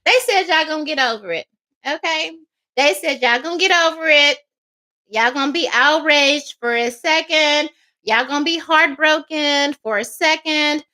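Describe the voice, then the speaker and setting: A sassy psychic does a tarot reading on a livestream, speaking emphatically and tossing in plenty of mocking asides. Her high, bright voice has sharp edges, and she keeps a moderate pace.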